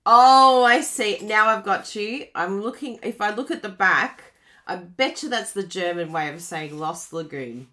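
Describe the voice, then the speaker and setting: A woman's voice: medium pitch, unhurried, sharp tone. A woman demonstrating card-making live, chatting with viewers, laughing often and reading out their comments. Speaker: craft demonstrator.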